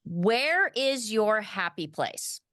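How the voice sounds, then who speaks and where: Co-host woman, animated pitch, playful upbeat delivery, dry studio sound. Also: slow, no echo. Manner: upbeat, playful question asker. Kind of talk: casual chat.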